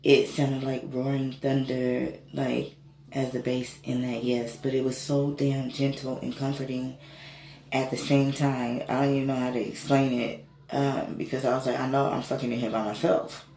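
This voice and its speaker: A woman tells a personal story in a casual, animated way and swears freely. She sounds gravelly at times. The room has a noticeable echo. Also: extremely low pitch, moderate pace. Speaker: spiritual reader and reiki healer. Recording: echoey room with faint noise.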